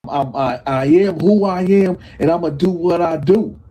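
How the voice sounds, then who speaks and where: A man telling a jail story in slangy, animated style, acting out what others said. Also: fairly high pitch, normal speed, poor audio. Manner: acts out other people's voices, swearing, slangy. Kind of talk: animated storytelling with acted-out quotes.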